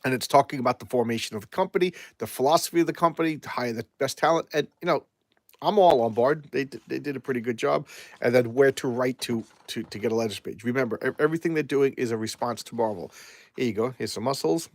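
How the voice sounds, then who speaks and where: A man's voice: medium pitch, fast, no echo. Guy rambling through a comic review live, stumbles and repeats himself a lot, dry close sound. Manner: rambling, repeats words and restarts often.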